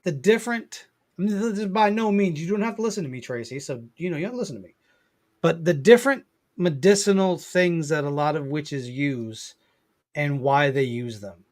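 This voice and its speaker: Man, podcast guest, casual chat, enthusiastic, repeats himself, slightly high voice. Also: animated, normal speed, a little mellow.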